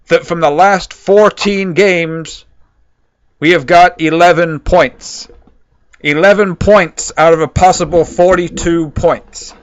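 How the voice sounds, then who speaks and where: A man's voice: high-pitched, no echo, muffled recording. A man giving a raw football match reaction, ranting sarcastically and swearing freely. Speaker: football fan video creator.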